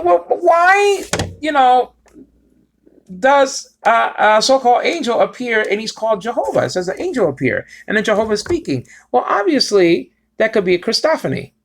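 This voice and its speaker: A man walks through the Hebrew letters in an informal lesson, pitched a little above the usual male range. He repeats himself often and keeps checking that his listeners follow along. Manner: explanatory, repetitive, checks understanding often. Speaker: Bible teacher.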